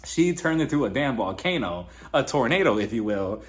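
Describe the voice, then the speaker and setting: Animated, gossipy man recapping reality TV. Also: medium pitch, normal speed, few pauses. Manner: animated, gossipy, laughs often. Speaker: reality TV reviewer. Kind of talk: casual commentary recap.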